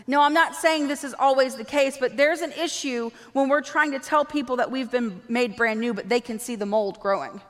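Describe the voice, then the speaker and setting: A woman preaching a sermon, animated and acting out quoted dialogue as she speaks. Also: high voice, moderate pace, hardly any pauses. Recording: long reverb of a large hall.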